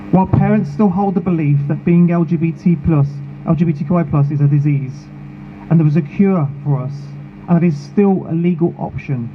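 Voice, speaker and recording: A man delivers a measured, emotional speech at a protest in a fairly high voice. The sound is narrow and phone-like. Street noise and passing vehicles run clearly under his words. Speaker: charity founder speaking at a protest. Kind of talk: prepared speech at an outdoor rally.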